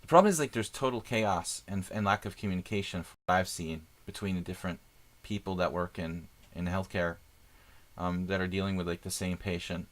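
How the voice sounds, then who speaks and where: Middle-aged guy streaming chess, lowish voice, rambly, lots of likes and ums. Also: fairly quick. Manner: rambling, filler-heavy, thinks aloud about moves. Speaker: chess streamer commenting on his games. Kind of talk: casual live-stream chat while playing.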